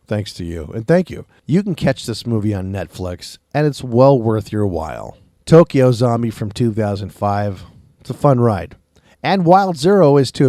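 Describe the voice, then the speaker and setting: A man's voice: fairly low pitch, no echo, clean studio sound. A man hosting a podcast, casually recapping and reviewing a movie, acting out the characters' lines as he tells the plot. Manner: animated retelling, acting out quotes.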